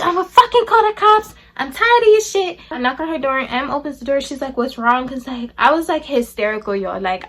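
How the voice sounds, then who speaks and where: A woman's voice: high-pitched, pushed and bright. A young adult woman telling a personal story to her viewers, blunt and profane, acting out the people she quotes. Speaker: vlogger. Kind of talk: storytime chat to camera.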